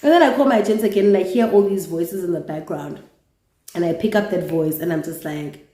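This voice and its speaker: A woman's voice: fairly low pitch, fairly quick, dark tone. Chatty South African woman, roomy echo. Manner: chatty, mixes in Zulu slang. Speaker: vlogger. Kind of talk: casual storytime monologue.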